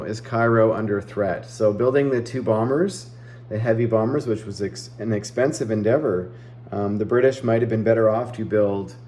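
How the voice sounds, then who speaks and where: A man giving a relaxed, explanatory summary of a strategy board game round, talking through the map with frequent fillers and asides. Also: lowish voice, roomy sound, a little hiss or hum.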